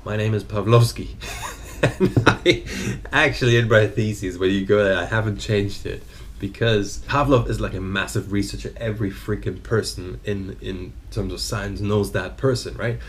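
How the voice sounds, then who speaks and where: A man's voice: fairly low pitch, normal speed. Casual, swearing thirty-something man vlogging. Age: 30s. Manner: loose, chatty storytelling with frequent swearing. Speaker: fitness vlogger. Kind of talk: casual vlog chat.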